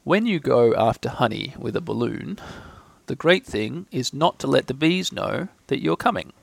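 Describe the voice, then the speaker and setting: A man voicing a gentle, simple-minded bear in a storybook reading, speaking slowly and earnestly. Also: medium pitch, expressive, creaky, no echo. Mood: musing. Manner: slow, earnest and ponderous.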